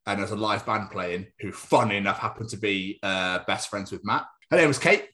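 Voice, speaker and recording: Chatty young man, low voice. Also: brisk, sharp tone. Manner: chatty, jokey, slips into silly put-on voices. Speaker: podcast co-host. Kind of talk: casual chat.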